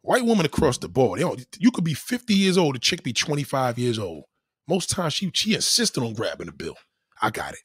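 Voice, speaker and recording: Husky-voiced man ranting bluntly. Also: mid-range voice, wildly swooping pitch, fairly quick, no room sound, clean studio sound. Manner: blunt, profane, emphatic; acts out quoted people in varied voices. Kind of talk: casual opinion rant.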